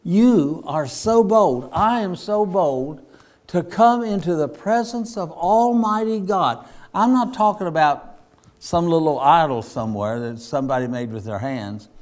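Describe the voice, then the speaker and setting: A man preaching a sermon, slow and deliberate, rising to emphatic points. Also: sits high, expressive, a little mellow. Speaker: pastor.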